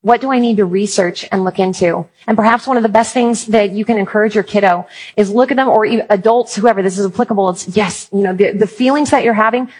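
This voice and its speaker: Woman speaker, husky mid voice, jokey storyteller acting out quotes. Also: medium pitch, fast talker, darkish tone, poor audio. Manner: humorous storytelling with acted quotes. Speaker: Christian speaker on apologetics. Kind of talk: conference talk.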